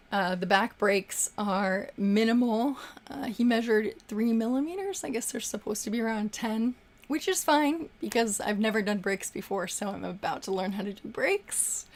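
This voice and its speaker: A young woman hosting a casual livestream, chatting and effusively thanking viewers for their super chats. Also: mid-range voice.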